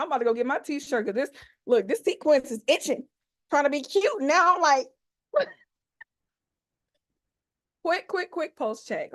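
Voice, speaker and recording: A woman in her forties hosts an online event over a video call, with a fairly high voice. She talks in a playful, slangy, chatty way and keeps hyping up her audience. She sounds like she is speaking into a home computer. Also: a bit bright. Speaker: host of an online expo. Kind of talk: lively motivational hosting on a video call.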